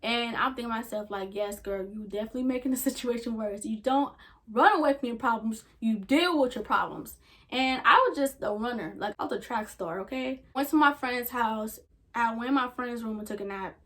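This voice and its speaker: A woman's voice: fairly high pitch, animated, normal speed, a bit bright. A young woman vlogger telling a personal story in a casual, chatty way, often saying "like" and talking straight to her viewers. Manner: chatty, peppers speech with "like", talks straight to viewers.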